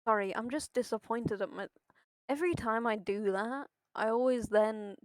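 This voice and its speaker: A woman's voice: on the high side, normal speed, dry recording. A woman streaming a game, chatting casually with her viewers and swearing freely. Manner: chatty, swears freely, talks to chat while playing.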